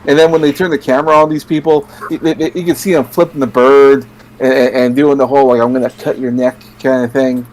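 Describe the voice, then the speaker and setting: A man from Canada co-hosting a podcast in casual chat, stumbling over restarts before quick bursts of talk. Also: medium pitch, little pitch movement, a little mellow, rough recording. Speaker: podcast co-host.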